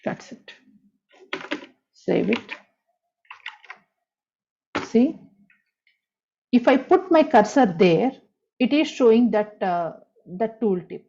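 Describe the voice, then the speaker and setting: A woman's voice: on the high side, expressive, slow pace, vocal fry, long pauses, warm tone, a little hiss or hum. A woman teaching a screen-recorded coding lesson, explaining step by step, spelling out tag names and repeating key points. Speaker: programming tutor. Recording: dull lo-fi audio.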